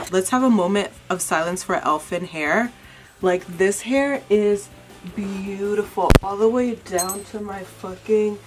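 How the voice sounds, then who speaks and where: Young woman vlogger, loose cursing chatter, self-deprecating, soft music bed. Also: medium pitch, measured pace. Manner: swearing, chatty and self-mocking. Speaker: beauty vlogger. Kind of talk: casual vlog chat.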